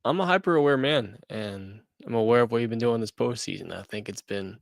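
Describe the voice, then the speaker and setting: Gravelly guy talking fast on a sports panel, defends his team, dry sound. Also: mid-range voice, no room sound. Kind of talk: casual sports debate.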